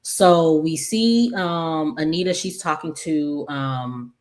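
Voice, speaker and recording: A woman's voice: deep voice, slow pace. A woman casually recapping a soap opera episode, rambling with many fillers and self-corrections and talking back to the characters. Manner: opinionated, talks back to the characters.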